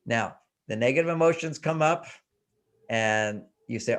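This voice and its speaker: An older man, a relationship expert guest on an interview show, explaining his ideas with animated emphasis and repeated phrases. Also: mid-range voice, measured pace.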